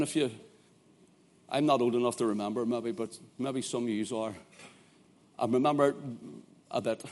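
Preaching a sermon in a Northern Irish accent, a man with a rather high voice shifts from hushed storytelling into loud, fervent shouting.

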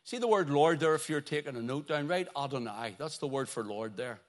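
A man with a high-leaning, expressive voice preaches a sermon. He swings between loud, drawn-out exclamations and hushed, falling phrases, stressing the key words.

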